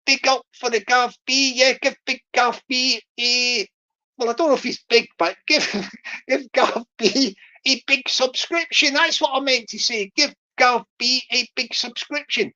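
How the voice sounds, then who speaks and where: A woman chatting casually on a livestream, rambling and repetitive, with theatrical, gushing shout-outs to viewers. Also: high voice, measured pace, poor audio.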